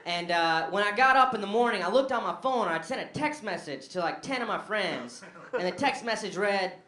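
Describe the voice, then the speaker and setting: A young man performing stand-up comedy on a club stage, telling a story in an animated way that jumps from quick mutters to loud bursts. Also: sits high. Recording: echoey, noisy club recording.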